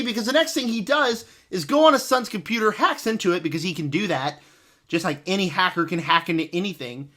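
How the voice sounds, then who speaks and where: A man reviewing a film in a casual spoken rant, sarcastic and mocking, swinging between animated exasperation and flat disbelief. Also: high voice.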